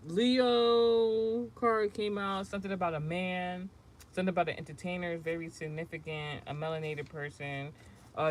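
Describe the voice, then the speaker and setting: Woman, tarot livestreamer, brash and profane, reading chat over steady background noise. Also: low voice. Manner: blunt and profane, trades insults with commenters. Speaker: tarot reader streaming live.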